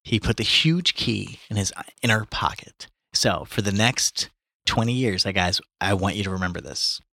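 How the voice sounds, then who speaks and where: A man's voice: lowish voice, normal speed, gravelly, bright, forceful tone, dry recording. A man hosting a read-aloud podcast, reading a novel and breaking off for jokey asides. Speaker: host and reader.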